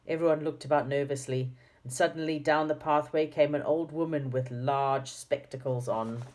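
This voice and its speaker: A woman's voice: low voice, steady tone, moderate pace, few pauses, a little mellow. A woman reading a children's chapter book aloud, with chatty asides to her young listeners. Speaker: storybook reader.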